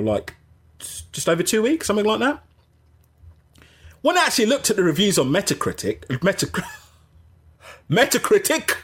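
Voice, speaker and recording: Male gaming streamer, husky, slightly high voice, rambling casual chat. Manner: rambling, animated, self-interrupting. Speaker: gaming channel host.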